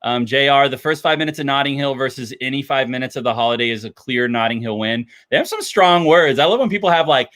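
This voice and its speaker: A man hosting a casual livestream, chatty and enthusiastic, with lots of fillers, talking indoors under bright lights. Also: mid-range voice, lively intonation, fast talker, few pauses, dry recording. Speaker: livestream host.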